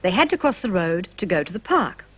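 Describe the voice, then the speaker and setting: A woman narrates a storybook for young children in a gentle, expressive way, asking her listeners questions. Her voice is lowish and fairly quick.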